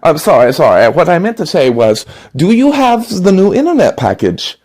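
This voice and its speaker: A comedian playing a hot-tempered German door-to-door salesman with a put-on German accent who swings from polite to shouting. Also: a little high, very animated, normal speed, voice pushed up. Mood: stiff polite. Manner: polite then suddenly shouting.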